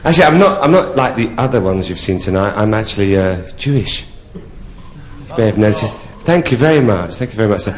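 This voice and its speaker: A man's voice: lowish voice, animated, fairly quick, a crowd in the background. A man working as a drag artist, doing stand-up comedy patter on a theatre stage with a dry, self-mocking delivery. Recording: loud live theatre audience.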